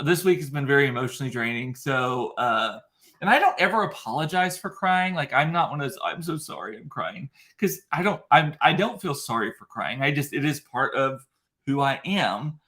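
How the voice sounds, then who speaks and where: A man's voice: a little high, expressive, fairly quick, pushed and bright. A man hosting a casual livestream from his computer, telling a long story with lots of fillers, restarts and emotion. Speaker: livestream host. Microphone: computer mic in front of a ring light.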